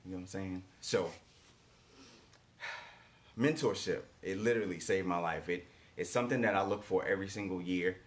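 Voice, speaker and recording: This coach's voice is low-pitched and moves at a moderate pace, broken by long pauses. He gives an emphatic motivational talk, repeating his main lines and checking in with rhetorical "right?" questions.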